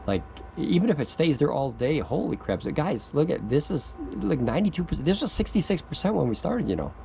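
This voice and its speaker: A man's voice: on the high side, very animated, a little fast, vocal fry, dark tone, slight background noise, poor audio. A man making an off-the-cuff product review video outdoors, rambling and stammering, getting giddy and laughing as he talks.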